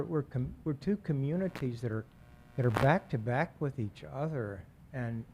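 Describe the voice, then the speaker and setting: A man addressing a city council during public comment, earnest and measured, often restarting his words. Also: mid-range voice, warm tone, a little hiss or hum, rough recording. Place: council chamber.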